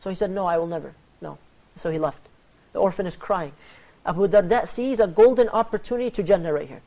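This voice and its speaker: Fast-talking man hosting a religious talk. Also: sits high, creaky. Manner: animated storyteller, acts out quoted dialogue. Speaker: host. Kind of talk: religious panel talk on charity.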